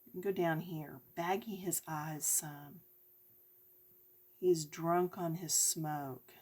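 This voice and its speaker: A woman's voice: low-pitched, steady tone, slow, darkish tone, husky. A woman giving a chatty coloring lesson, talking directly to her viewers. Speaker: coloring tutorial host.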